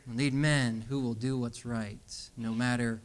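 A man's voice: medium pitch, a little slow. A young adult man preaching a sermon. He tells stories and then builds to emphatic calls to stand up for what is right. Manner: storytelling, animated, emphatic exhortation.

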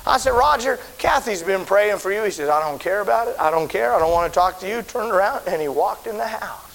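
A man's voice: high voice, animated, a little fast, gravelly, rough recording. A middle-aged man, a pastor, telling a story in a sermon in a folksy way in a church auditorium. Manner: folksy storytelling, swelling to shouted preaching. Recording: faint hiss.

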